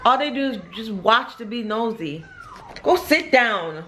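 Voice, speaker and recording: A woman's voice: high-pitched, a little fast, pushed and bright, soft background music. A woman vlogging at home into a handheld camera, chatting casually with teasing, grumbling asides. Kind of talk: casual home vlog chat.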